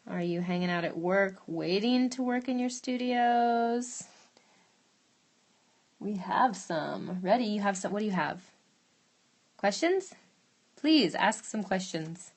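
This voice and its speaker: A woman's voice: medium pitch, a little slow. A woman demonstrating a glass craft in her studio on a live stream, chatting casually, thinking aloud and answering viewer questions as she works.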